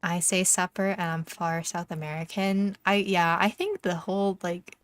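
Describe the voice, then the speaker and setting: A woman's voice: lowish voice, steady tone, unhurried, few pauses. A young Canadian woman streamer with a Canadian accent, chatting casually and teasingly with viewers while gaming, full of fillers. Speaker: VTuber streamer. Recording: faint background music.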